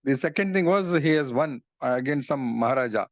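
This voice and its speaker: A man's voice: mid-range voice, lively intonation, a little fast, no room sound. A middle-aged man, earnestly retelling devotional stories in a talk and often saying "you know". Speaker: speaker on religious philosophy.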